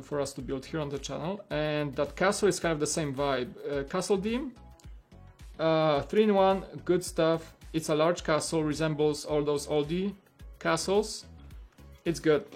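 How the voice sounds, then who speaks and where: A man hosting a casual livestream, rambling along and filling his talk with "like" and restarts. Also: fairly high pitch. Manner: rambling, heavy use of "like" and restarts. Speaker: livestream host. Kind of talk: casual chat.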